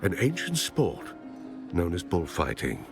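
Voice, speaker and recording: An actor playing a stern male bar host in a video game, speaking slowly and gravelly with dry menace. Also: low-pitched, huge pitch swings, full character voice. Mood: storytelling. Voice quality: gravelly, slow and measured. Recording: game audio under music.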